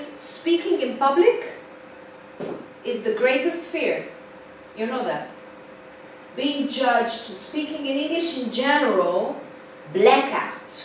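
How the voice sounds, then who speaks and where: A woman teaching an English class in a lively way, repeating key points for emphasis. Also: high voice. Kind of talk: live class lecture. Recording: distant mic, very echoey room, faint noise.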